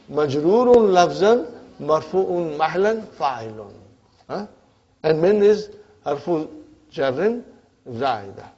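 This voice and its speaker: A man's voice: high-pitched, warm tone. A male Arabic teacher giving a classroom grammar lecture, often checking in with his students by asking "huh?" and "are you with me?". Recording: dull lo-fi lecture recording.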